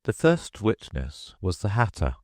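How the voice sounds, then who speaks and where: A man's voice: on the low side, unhurried, dry recording, studio quality. A man reading a children's classic aloud as an audiobook narrator, telling it expressively. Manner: expressive storytelling. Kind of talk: scripted narration.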